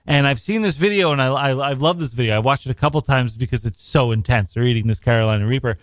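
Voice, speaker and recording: A man co-hosts a casual podcast, drifting into long rambling anecdotes and laughing as he goes. His voice sits at an ordinary middle pitch. The recording is close and dry, with no room sound. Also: fast talker, no room sound. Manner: rambling storyteller, laughs often. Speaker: podcast co-host. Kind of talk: casual chat. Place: New York.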